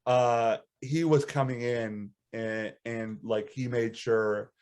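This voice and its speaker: A man on a casual podcast, telling a story with plenty of energy. He swings up into high-pitched laughter as he goes, and his voice sits at a middle pitch. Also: takes it slowly, hardly any pauses, darkish tone, smooth. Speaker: podcast co-host.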